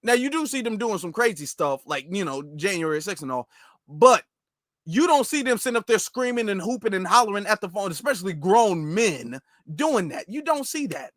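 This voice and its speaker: A man's voice: high voice, very animated, normal speed, fairly bright tone, no echo, clean studio sound. A man hosting a political commentary channel, talking casually and emphatically to his viewers. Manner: conversational, emphatic, addresses viewers as y'all.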